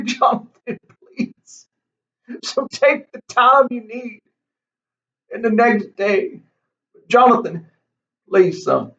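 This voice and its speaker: A man's voice: very high voice, bright, forceful tone, distant mic, dull audio, heavily acted. A man doing a comedic impression of an older male TV preacher, with a whiny, pleading drawl that repeats names over and over.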